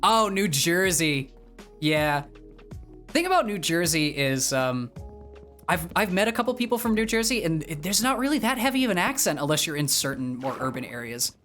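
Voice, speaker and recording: A man's voice: a little high, very animated, brisk, a bit bright, soft background music. Rambling young man chatting on stream. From northeastern US, near Boston. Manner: rambling, with many fillers and restarts. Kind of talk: casual livestream chat.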